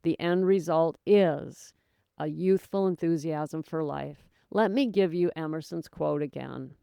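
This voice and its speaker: A woman hosts her own sobriety podcast as a sobriety coach, speaking straight to the listener in an earnest, encouraging, folksy solo motivational talk. Her low voice is a little slow, gravelly and dark, yet clear and resonant, with no echo.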